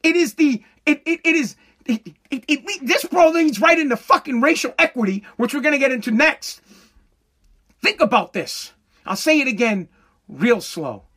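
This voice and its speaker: A woman rants through political commentary in a heated, sarcastic and profane way. She jumps to loud shouts, then drops to slow, low-pitched emphasis. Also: animated.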